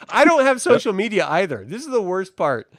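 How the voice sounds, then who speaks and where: A man's voice: high-pitched, wildly swooping pitch, brisk, a bit bright, no echo, clean studio sound. A man co-hosting a casual podcast, sarcastic and profane, often slipping into mocking voices. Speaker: podcast co-host. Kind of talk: casual chat.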